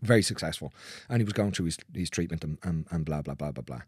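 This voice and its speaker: A man's voice: very deep voice, animated, quick pace, husky, no echo, clean studio sound. A man working as a manual therapist, telling stories about clients in a casual conversation, blunt and swearing freely as he acts out what people said.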